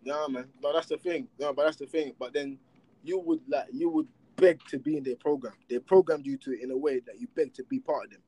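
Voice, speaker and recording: A man with children, talking in a casual chat, animated and rhetorical with heavy street slang. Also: medium pitch, fairly quick, slightly rough. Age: adult with children.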